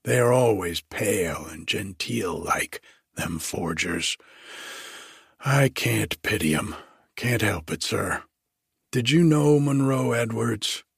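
Obsequious prison cook, male, husky and slow, raised a little in pitch, read by a man. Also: expressive, no echo, studio quality, heavily acted. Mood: fawning. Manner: obsequious, gossipy, drawn-out.

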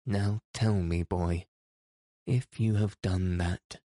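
A man reading the lines of a kind, gentle elderly grandmother in an audiobook, speaking earnestly. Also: deep voice, steady tone, slow, no room sound, studio quality. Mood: coaxing. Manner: kindly, earnest.

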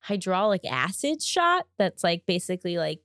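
Lively young woman co-host, lots of "like". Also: fairly low pitch, normal speed, no echo. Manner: animated, filler-heavy, often laughing. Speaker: podcast co-host. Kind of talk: casual chat.

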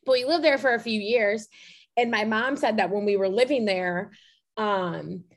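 A young woman from Chicago co-hosting a casual podcast, telling stories in a rambling, hesitant way with many pauses and fillers. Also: medium pitch. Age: young adult. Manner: rambling, hesitant, lots of ums and likes. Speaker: podcast co-host. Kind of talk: casual chat.

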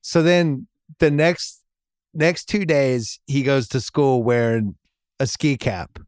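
This is a middle-aged man hosting a podcast, spinning a long, rambling family story and cracking himself up along the way. His voice sits at an ordinary middle pitch. It sounds dry and close, with no room around it. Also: slow pace, darkish tone, no echo. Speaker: podcast host. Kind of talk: casual storytelling chat.

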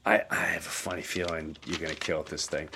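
Podcast host guy telling a story, animated, does the voices. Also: rumbling low, fast talker, a little hiss or hum. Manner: animated, acts out quoted voices. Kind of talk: casual storytelling.

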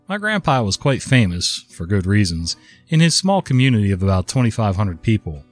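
Worn-out man in his fifties telling a story. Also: fairly low pitch. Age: 50s. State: worn out from a cold. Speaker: story narrator. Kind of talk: casual story narration.

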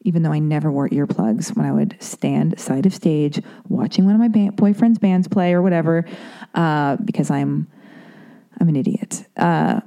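A woman's voice: low-pitched, lively intonation, normal speed, mellow. A young woman hosting a podcast, telling a long rambling story in a casual, profane, self-mocking way. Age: young adult. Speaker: podcast host.

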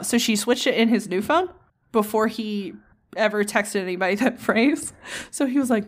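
A woman co-hosting a podcast, telling stories in a chatty, casual way with frequent swearing and quick asides. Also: mid-range voice. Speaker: podcast co-host.

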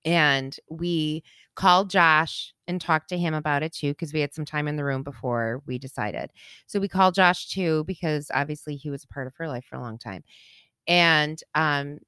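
A woman's voice: low-pitched, a bit bright, smooth, no room sound, studio quality. A woman co-hosting a casual podcast, telling a personal story candidly, acting out quotes and laughing through the sad parts. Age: adult with children. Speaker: podcast co-host.

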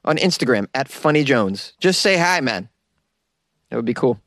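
Chatty and rambling, this New Yorker runs his solo podcast with plenty of jokes, frequently cracking himself up. He has a medium-pitched, slightly bright voice with lively intonation and a normal speed, captured in a dry, studio-quality recording.

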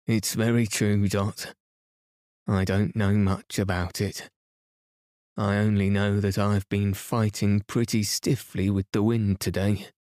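A man voicing a slow, good-natured carrier husband in a bedtime story reading, plain, ponderous and mild. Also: on the low side, level tone, a little mellow, dry recording, studio quality. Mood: mild, puzzled.

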